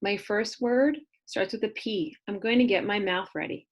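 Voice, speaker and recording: A young woman teaching phonics to kindergartners from home, with a gentle, mid-pitched voice. She stretches out letter sounds one at a time before blending them into words. Her pace is patient and clear for small children. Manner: slow, exaggerated sounding-out of letters.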